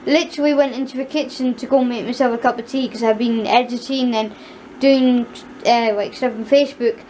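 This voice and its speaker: A young woman with a high voice talks casually in a home vlog. She coos at her pet, giggles often, and slips into frightened asides. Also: fairly even intonation, brisk, a little mellow, slight background noise. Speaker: vlogger.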